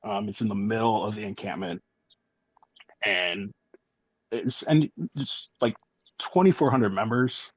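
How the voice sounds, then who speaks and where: A man speaking as an interview guest, telling his story in a halting, matter-of-fact way with many fillers. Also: fairly low pitch, husky, dry recording, lo-fi sound. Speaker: guest, eyewitness.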